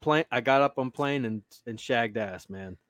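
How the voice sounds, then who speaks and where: A man's voice: medium pitch, moderate pace, no echo. A man co-hosting a podcast, casual chat, telling stories in a laid-back way and swearing freely. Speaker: podcast co-host.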